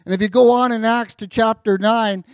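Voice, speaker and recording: High-voiced man preaching a relaxed sermon. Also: moderate pace, clean tone, dry recording, clean studio sound. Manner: relaxed and conversational, with filler words and joking asides. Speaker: pastor.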